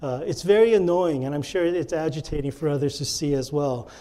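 A man's voice: a little high, fairly quick, dark tone. A male pastor preaching a sermon and acting out the lines he quotes with earnest emphasis.

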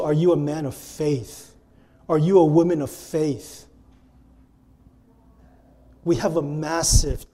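A pastor preaching a sermon with earnest delivery, addressing the congregation and repeating key phrases for emphasis. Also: male voice, a little high, warm tone.

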